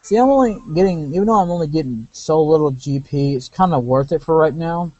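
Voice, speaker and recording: A man with a fairly high voice talks through a game he is playing. He rambles, corrects himself mid-sentence and wanders into asides. Faint game music sits underneath. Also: expressive, brisk, darkish tone, no room sound, lo-fi sound. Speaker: let's play commentator. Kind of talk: casual gameplay commentary.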